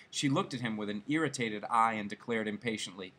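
A man reading a classic short story aloud, in an expressive, dramatic manner. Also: on the low side, fairly quick, few pauses. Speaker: story reader.

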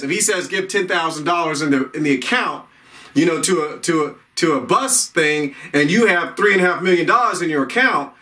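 A man's voice: a little high, sharp tone, far from the mic. A man preaching an informal sermon, rambling, repeating himself and restarting his sentences.

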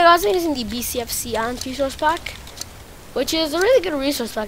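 Excitable high-voiced woman gamer. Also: background noise. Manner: excitable, swears a lot, repeats phrases. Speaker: gaming channel host. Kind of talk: let's play commentary.

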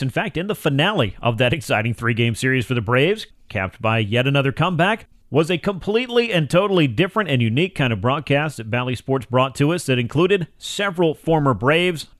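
A man hosting a sports radio talk show, delivering an energetic, polished broadcaster read. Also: fairly high pitch, no echo, clean studio sound. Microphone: studio microphone.

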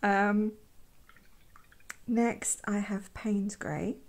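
A woman speaks in a slow, hushed voice with a gravelly fry at the ends of her words. She often drops into a whisper, then gushes effusively about what she is looking at. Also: medium pitch, little pitch movement. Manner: gushing, effusive, trails off into whispers. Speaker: art vlogger. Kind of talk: soft-spoken swatching commentary.

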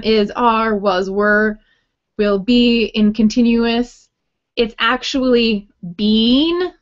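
A woman's voice: fairly high pitch, muffled recording. A woman teaching a writing workshop on grammar, explaining in a friendly way with light joking asides. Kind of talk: recorded grammar lesson talk.

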